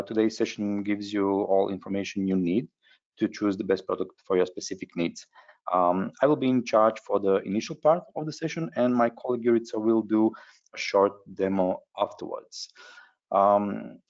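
Low-voiced man hosting a webinar, halting. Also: creaky, darkish tone. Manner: halting, frequent hesitations. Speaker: webinar host. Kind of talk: webinar presentation. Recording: dull lo-fi webinar audio.

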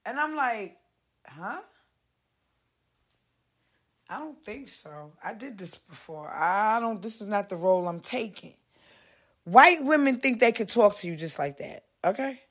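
A woman's voice: mid-range voice, unhurried, long pauses, breathy edge. Foul-mouthed woman ranting on a podcast. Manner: heavy cursing, animated, mimics others in raised voice. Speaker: podcast host. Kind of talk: profane rambling monologue.

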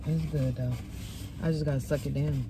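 Low-voiced woman griping in a car. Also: steady tone, normal speed, background noise. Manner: loud, complaining, swears freely. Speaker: vlogger. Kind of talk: casual chat. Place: in a parked car.

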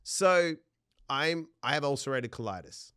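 Male podcast guest, lively storyteller who laughs through his lines, dry close-miked sound. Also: medium pitch, moderate pace, clear, resonant tone, dry recording. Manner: animated, laughs often mid-sentence; acts out dialogue in his stories. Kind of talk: personal storytelling.

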